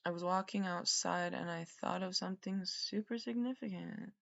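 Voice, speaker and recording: A woman's voice: on the low side, normal speed, gravelly, fairly bright tone, lo-fi sound. A woman hosting a podcast, rambling through a solo monologue, swearing and trailing off mid-thought. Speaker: podcast host.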